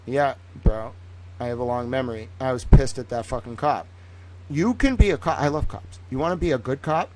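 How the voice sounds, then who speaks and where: A man's voice: mid-range voice, lively intonation, fairly quick, darkish tone, a little hiss or hum, low-quality recording. A man streaming a profane, sarcastic monologue, swearing freely and acting out imagined conversations in different voices. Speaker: independent streamer and commentator.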